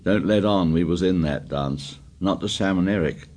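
A man voicing an anxious, stubborn schoolboy who speaks in a shrill, insistent, pleading way. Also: moderate pace, a little mellow, close to an everyday voice. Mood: anxious coaxing.

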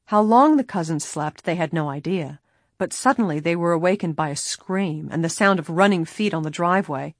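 Low-voiced woman reading a mystery audiobook. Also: no echo. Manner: measured, expressive storytelling. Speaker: narrator. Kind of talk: audiobook narration.

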